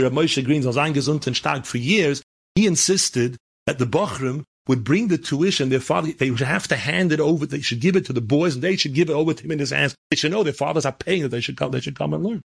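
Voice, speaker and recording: A rabbi delivers a storytelling sermon, moving from anecdote to fervent exhortation. His voice sits fairly high for a man and has a gravelly, husky texture. He peppers his speech with Hebrew and Yiddish terms. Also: quick pace. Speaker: rabbi and speaker.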